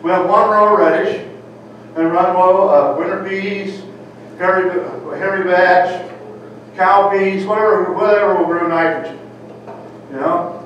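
An older farmer tells stories to a crowd in a folksy, rambling way. His voice sits a little high for a man and is picked up from well back in a big echoing hall. The sound is dull, and a layer of room noise runs under it. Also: steady tone, unhurried, a bit bright. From Ohio. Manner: folksy storyteller, sprinkles in "you know". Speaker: farmer giving a talk. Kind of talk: folksy conference talk. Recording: echoey hall, distant mic, dull and noisy.

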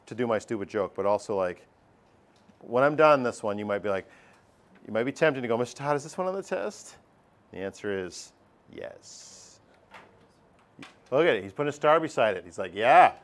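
A middle-aged man teaching a math class, lively and joking, acting out his students' voices. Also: medium pitch. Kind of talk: classroom lecture.

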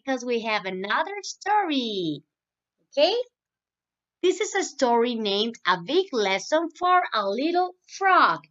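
A woman teaches English to children in a recorded online lesson, explaining each point in English and then repeating it in Spanish. Her voice is on the high side and a bit bright, heard through a dull, lo-fi recording.

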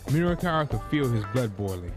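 A man's voice: medium pitch, very animated, normal speed. Man reading a visual novel aloud. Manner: casual asides between read passages. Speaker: gameplay narrator. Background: game music.

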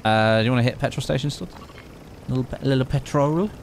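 A man's voice: medium pitch, quick pace, gravelly, slight background noise. A man chatting and poking fun at himself while playing a video game with friends. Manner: chatty, self-mocking. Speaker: gamer channel host. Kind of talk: casual gaming banter.

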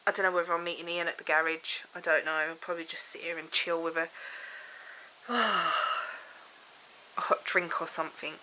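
A woman's voice: fairly low pitch, pushed and bright, low-quality recording. A young woman vlogging at home, chatting in a rambling, exasperated way. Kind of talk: casual vlog chat. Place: home, indoors.

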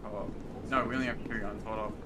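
A young man streaming a game with friends, swearing and bursting out loudly in casual chat. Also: fairly low pitch, fast talker. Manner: loud, swearing, excitable outbursts. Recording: faint background noise.

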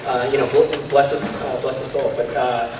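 A man's voice: mid-range voice, level tone, normal speed. A man moderating a convention panel in a casual, encouraging way, heard from far off in a large hall. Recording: echoey hall from far off, some noise.

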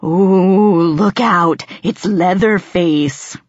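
A woman's voice: fairly low pitch, very slow, a little mellow, no room sound. A woman voicing a mischievous teenage boy, teasing and laughing at his neighbor. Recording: dry, slightly muffled.

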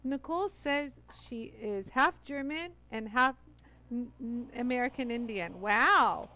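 A woman's voice: a little high, unhurried, pushed and bright, low-quality recording. A woman hosting a live product demonstration, chatty and laughing often as she greets viewers by name. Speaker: livestream demo host.

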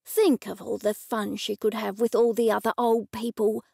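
A woman's voice: a little high, level tone, moderate pace, creaky, warm tone, husky, dry recording, clean studio sound, exaggerated voice. A woman voicing a smug, patronizing grown son in an audiobook, coaxing his mother in a sing-song way.

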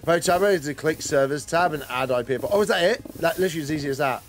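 A man's voice: on the high side, fast, soft background music. Chatty man streaming a game. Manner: chatty, rambling, greets and answers chat, laughs often. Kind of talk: casual live-stream commentary.

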